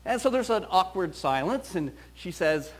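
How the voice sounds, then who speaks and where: Male counselor, storytelling talk; fairly high, very lively pitch. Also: normal speed. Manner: animated storyteller, quoting voices.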